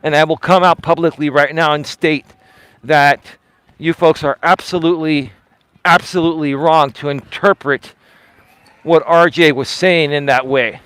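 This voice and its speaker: Male live-stream host, emphatic and defensive, speaks straight to chat; a fairly high voice, recorded dry and close. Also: steady tone, a little slow, a bit bright, clean tone, dry recording. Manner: emphatic and defensive, repeats himself; talks straight to chat, asks pointed questions. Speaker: livestream host. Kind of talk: casual live-stream commentary.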